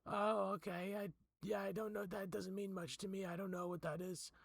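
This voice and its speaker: Awkward eager young guy, high-pitched and rambling, put on by a male game master. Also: little pitch movement, normal speed, creaky, no room sound, clean studio sound. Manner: rambling, unsure, full of fillers.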